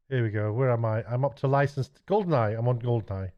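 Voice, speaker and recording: A middle-aged man talks in a mid-pitched voice with a chatty, self-mocking ramble. He trips over restarts as he muses aloud. The sound is dull and lo-fi. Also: fast, hardly any pauses. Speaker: YouTuber and TV director. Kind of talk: rambling late-night vlog.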